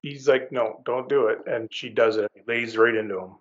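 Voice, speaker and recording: A man co-hosting a podcast, loudly jumping in with quick corrections during a casual book discussion. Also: medium pitch, steady tone. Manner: loud, jumps in with corrections. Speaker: podcast co-host. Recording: dull lo-fi recording.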